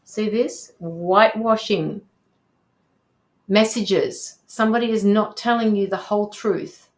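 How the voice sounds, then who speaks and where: Hosting a tarot livestream, this woman reads out viewer comments and comforts the person being read for, often saying um and starting sentences over. She speaks slowly in a mid-range voice.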